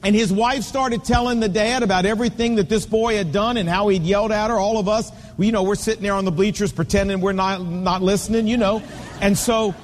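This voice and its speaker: A man's voice: sits high, steady tone, brisk, slight background noise. A man in his fifties preaching a sermon, telling stories and hammering home points with repeated punchy phrases. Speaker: pastor. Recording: long reverb of a large hall.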